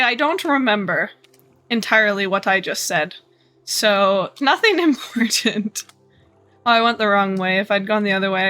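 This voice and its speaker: Slow-talking sarcastic woman streamer. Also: fairly high pitch, bright, forceful tone. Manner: sarcastic, mock-bored asides to chat. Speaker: live streamer. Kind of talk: casual livestream chat while gaming.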